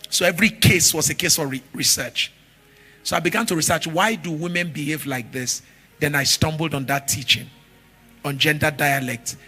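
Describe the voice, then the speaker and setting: Animated pastor, bright tone. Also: male voice, a little high. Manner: animated storytelling, shifting from shouts to murmurs. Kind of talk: sermon.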